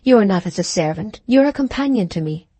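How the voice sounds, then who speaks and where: A woman's voice: mid-range voice, lively intonation, quick pace, mellow, no room sound, natural voice. A woman playing a proud, lovesick young mistress. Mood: pleading. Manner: heightened, emotional period speech. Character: proud, passionate young woman farmer, anxious.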